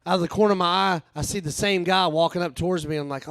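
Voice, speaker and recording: A man's voice: high-pitched, racing, fairly bright tone, dry recording, clean studio sound. A man doing a rambling, crude stand-up set on a live stage, laughing at his own jokes. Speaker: stand-up comedian and author.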